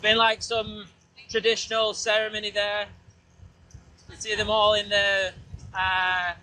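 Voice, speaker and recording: Riding a scooter outside, a man narrates a casual, rambling vlog into a small windshield-covered mic. His high voice is sharp and completely flat, a little slow, with some hiss or hum and road ambience behind him; he's a podcast host.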